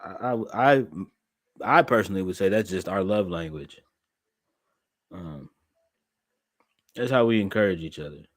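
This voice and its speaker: A man with a fairly low voice hosts a laid-back podcast chat. He talks bluntly and uses plenty of slang. He circles back over his own phrases and restarts sentences as he goes. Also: a little slow, long pauses. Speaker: podcast host. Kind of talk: casual chat.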